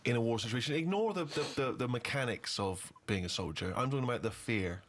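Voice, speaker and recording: A man's voice: medium pitch, animated, a little fast, fairly bright tone, slight background noise. A man asking probing, incredulous questions in casual comic chat. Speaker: co-host.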